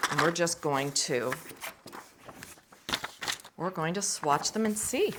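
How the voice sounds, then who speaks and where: A woman's voice: low-pitched, background noise. A middle-aged woman hosting a casual art vlog, chatting with enthusiasm and murmuring to herself as she tests pencils and paint. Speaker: art channel host.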